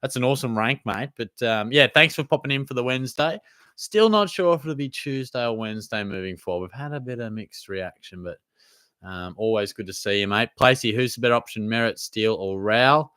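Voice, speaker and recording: A man's voice: medium pitch, a little fast, sharp tone, clean tone, no echo. Laid-back Australian man, dry close mic. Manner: laid-back, chatty, slangy. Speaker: host. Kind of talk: casual live Q&A chat.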